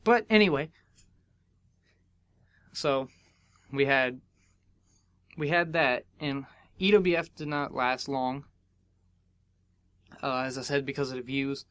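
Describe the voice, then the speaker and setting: A man's voice: takes it slowly, long pauses, no room sound. A young man hosting a podcast, telling a casual story and acting out the dialogue with big jumps in his voice. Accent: American. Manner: animated, acts out dialogue with big pitch jumps. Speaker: podcast host.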